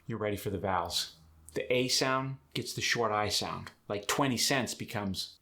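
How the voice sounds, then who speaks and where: A man hosting an accent tutorial as a dialect coach, explaining sounds in a brisk, instructive way. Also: lowish voice, creaky, pushed and bright.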